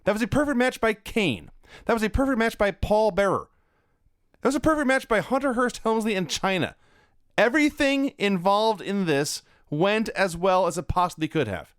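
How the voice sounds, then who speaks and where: A man's voice: high voice, animated, moderate pace, fairly bright tone, no room sound. A man co-hosting a wrestling review show, trading dry quips and earnest praise. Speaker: wrestling podcast co-host. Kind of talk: casual review chat.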